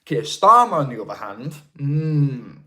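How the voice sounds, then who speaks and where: A man's voice: medium pitch, very animated, measured pace, pushed and bright. A man with a Birmingham accent, chatting casually on a live stream and answering viewer comments. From England. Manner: chatty, rambling, with frequent restarts. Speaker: livestream host.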